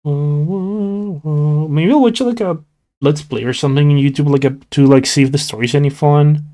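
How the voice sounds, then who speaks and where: Mellow-voiced sleepy young man rambling. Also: on the high side, a little fast. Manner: rambling, many "like" fillers and restarts. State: sleepy, yawning. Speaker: streamer. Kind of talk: casual chat with live chat while drawing.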